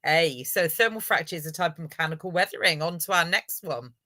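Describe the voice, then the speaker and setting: A woman's voice: lowish voice, fairly quick, sharp tone, no room sound. Upbeat woman running a quiz. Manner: encouraging, upbeat, praises viewers. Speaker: teacher hosting a live revision session. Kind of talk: live online lesson, quiz hosting.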